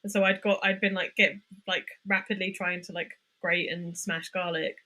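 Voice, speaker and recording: A woman's voice: on the low side, little pitch movement, normal speed, bright, forceful tone. A young woman co-hosting a casual true-crime podcast, reading from her notes and laughing often. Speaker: podcast co-host.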